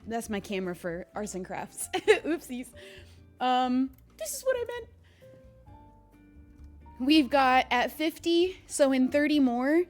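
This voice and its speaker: A young woman chatting casually on a livestream, bubbly and thanking viewers by name. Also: high-pitched. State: hiccuping. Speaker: streamer.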